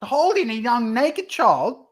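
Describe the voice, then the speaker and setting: A man's voice: extremely high pitch, sing-song, slow. A man co-hosting a casual podcast chat over a beer, heated and ranting, swearing often. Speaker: podcast co-host.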